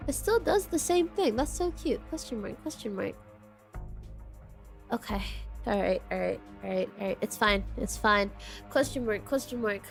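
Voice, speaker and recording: Young woman, game streamer, exasperated, cursing, fairly high voice, faint music behind. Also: animated, moderate pace, gravelly. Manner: exasperated, swears often, says "question mark" aloud. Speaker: streamer playing a story game. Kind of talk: casual game commentary.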